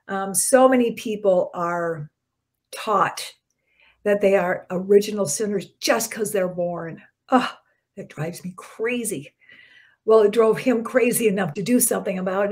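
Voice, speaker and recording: Woman giving a chatty spiritual talk. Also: mid-range voice. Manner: conversational, warm-hearted preaching with soft dropped endings and bursts of emphasis. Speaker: minister. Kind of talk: short spiritual talk to camera.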